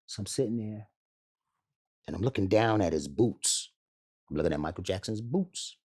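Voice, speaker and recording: As an interview guest, a man tells a wild story, swearing often, laughing as he goes and acting out the voices of the people involved. His voice sits on the low side, darkish and slightly rough, animated and at a moderate pace.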